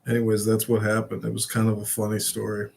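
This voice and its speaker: A man's voice: fairly low pitch, fast talker, creaky, a little hiss or hum. Male podcast co-host, casual chat, loose profane storyteller. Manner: profane, laughing, animated storytelling.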